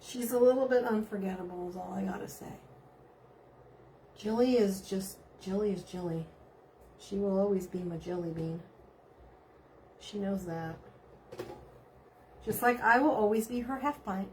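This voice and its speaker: A woman's voice: mid-range voice, a little slow, pauses often, a little mellow, slight background noise. A middle-aged woman, chatting casually on a live stream and reading out viewer comments, bubbly and giggly. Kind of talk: casual chat.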